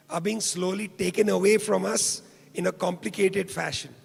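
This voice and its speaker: An older man from India giving an impassioned public lecture with a hoarse, rough voice, repeating key phrases for weight. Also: sits high, moderate pace. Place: lecture hall. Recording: reverberant hall.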